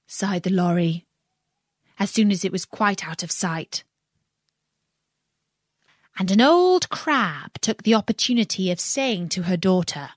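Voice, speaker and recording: A woman narrating a children's classic as a storybook reading, expressive and deliberate. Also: medium pitch, no room sound, studio quality.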